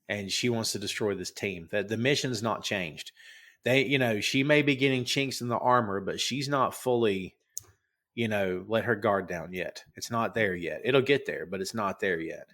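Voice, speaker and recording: A man's voice: lowish voice, animated, normal speed, a bit bright. Man hosting a TV review podcast. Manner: emphatic, builds up scene recaps. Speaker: podcast host. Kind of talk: casual review chat.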